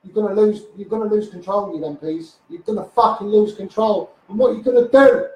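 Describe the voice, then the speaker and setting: A self-described activist from Liverpool rants into a Facebook livestream in a high, slightly mellow voice that moves fairly quickly. Swearing freely, he fires off aside after aside to his audience. The phone recording comes from a distance in an echoey space.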